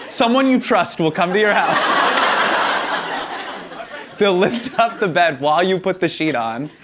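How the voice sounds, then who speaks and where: A man answering audience questions in a casual comedic Q&A, animated and joking, laughing often. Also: fairly high pitch, noisy background.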